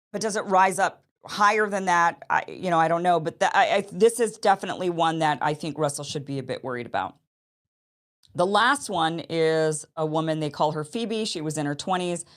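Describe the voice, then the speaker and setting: A woman with a low voice talks in casual, unscripted commentary. She thinks out loud, repeating herself and restarting sentences as she works through each point. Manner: hesitant, restarts and repeats phrases while reasoning aloud.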